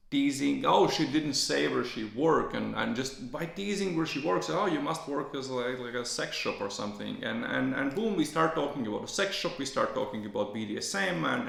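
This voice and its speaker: A man's voice: medium pitch, gravelly, a bit bright. A man hosting a podcast, talking casually in a rambling way with many restarts and repeated words. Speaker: podcast host. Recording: roomy echo.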